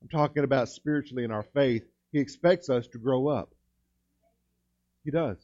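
A man preaching a sermon as pastor, slowing and lifting his voice on key words, with frequent restarts. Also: mid-range voice, darkish tone, dull audio. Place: church sanctuary.

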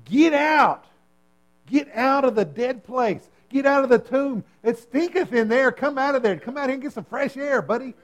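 A man's voice: very high-pitched, normal speed, voice pushed up. A man preaching a sermon who acts out a commanding man calling his dead friend out of a tomb, urgent and coaxing, repeating his orders.

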